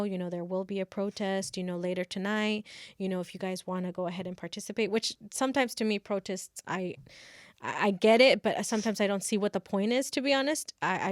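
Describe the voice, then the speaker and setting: A woman's voice: mid-range voice, no room sound, studio quality. A young woman co-hosting a podcast, telling a college story in casual chat and acting out what people said, with a few Spanish phrases mixed in. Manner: animated storyteller who acts out quotes, mixes in Spanish phrases. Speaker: podcast co-host.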